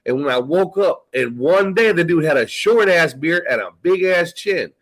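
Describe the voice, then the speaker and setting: A man's voice: fairly high pitch, lively intonation, moderate pace, fairly bright tone, low-quality recording. A man talking as a guest in a casual chat, rambling and swearing as he tells stories full of quoted dialogue.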